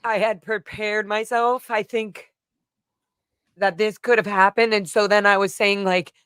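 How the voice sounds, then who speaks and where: Smooth-voiced woman telling a personal story. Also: medium pitch, fairly even intonation, measured pace, fairly bright tone, no room sound, clean studio sound. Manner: rambling, emotional retelling with frequent "like" fillers. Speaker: vlogger recounting a personal event. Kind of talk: casual storytelling to camera.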